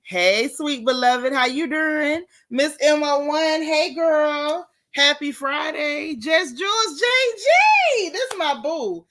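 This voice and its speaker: A woman's voice: sits high, fairly bright tone. Chatty gossip-stream woman greeting her viewers. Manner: chatty, greets viewers by name, drawn-out repeated phrases. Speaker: livestream gossip host. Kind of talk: casual live-stream chat.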